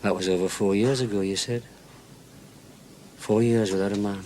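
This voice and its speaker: A man acting a plain-spoken, slightly drunk fellow making a pass in an old television drama. His voice sits low and speaks with blunt, unvarnished directness. Faint room ambience hangs behind him. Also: fairly even intonation, moderate pace, a little mellow, a little hiss or hum, natural voice, poor audio. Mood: blunt, flirty. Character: tipsy, blunt man flirting with a woman.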